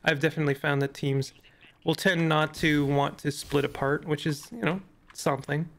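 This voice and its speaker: A young man chats loosely over his gameplay, full of fillers and false starts. His voice sits a little high and has a gravelly, fry-heavy edge, worn down as if he is losing it. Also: fairly even intonation, normal speed, a bit bright, slight background noise. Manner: rambling, many fillers and restarts. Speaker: gaming YouTuber. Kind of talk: casual gameplay commentary.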